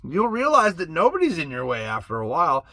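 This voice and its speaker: A man's voice: a little high, fast, no room sound. A middle-aged man giving a casual motivational talk to camera, telling stories with acted-out quotes. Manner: animated storytelling with acted-out quotes. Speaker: motivational vlogger.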